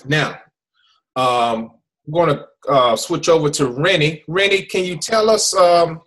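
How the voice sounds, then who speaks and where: A man's voice: a little high, unhurried, fairly bright tone, rough recording. Rambling American man with many restarts. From USA. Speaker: host. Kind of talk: casual hangout presentation.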